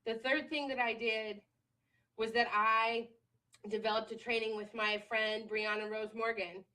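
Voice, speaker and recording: A woman reciting her own slam poetry with forceful, impassioned delivery, then talking to viewers on a live stream. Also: a little high, little pitch movement, unhurried, poor audio. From United States. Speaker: speaker and trainer. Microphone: computer or phone live stream.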